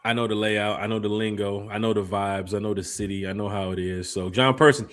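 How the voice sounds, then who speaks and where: A man co-hosting a casual live fan podcast, reading out viewer shout-outs with energy. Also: lowish voice, fairly even intonation, brisk. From lived in Memphis. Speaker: podcast co-host. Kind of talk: casual live-stream chat.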